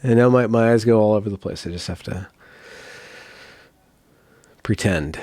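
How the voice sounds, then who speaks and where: A low-voiced man hosts a casual chat over a video call, teasing and rambling, his sentences often trailing off quietly. The sound is dry and close. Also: moderate pace, no echo. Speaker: host.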